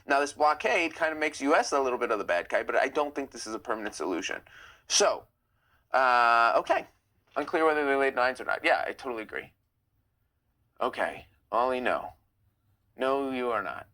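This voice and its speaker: A man hosting a live stream, chatting loosely and reacting to viewer comments as he goes. His voice is bright and forceful, with lively swings in pitch. The sound is casual, close-up talk into a phone or webcam. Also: moderate pace. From United States. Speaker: livestream host.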